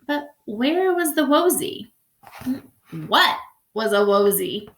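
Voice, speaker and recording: A high-voiced woman teacher reads a picture book aloud to her class at an unhurried pace, her voice bouncing around a roomy space. She reads expressively and stops to ask the children questions. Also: expressive, fairly bright tone.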